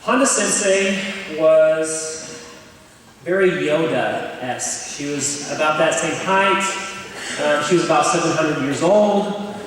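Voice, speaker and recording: Young guy telling jokey stories at chapel, kinda high voice, big roomy hall sound. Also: slow, a bit bright. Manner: joking, candid and self-deprecating. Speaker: chapel speaker. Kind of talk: storytelling chapel talk. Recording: echoey hall, speaker far from mic.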